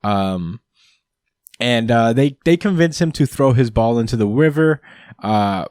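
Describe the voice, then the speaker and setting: A podcast host with an ordinary, middle-pitched man's voice runs through a comic chapter in an easygoing way. He wanders through his sentences with plenty of fillers and keeps breaking into small laughs. The sound is dry and close, with no room around it. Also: expressive, a little slow, a little mellow, no room sound. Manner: rambling with frequent fillers and chuckles. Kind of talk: casual manga chapter recap.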